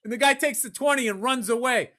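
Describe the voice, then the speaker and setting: Very high-pitched and sharp, with a quick pace, the voice belongs to a middle-aged Massachusetts man hosting a podcast. He tells a wandering, profane story that mocks himself.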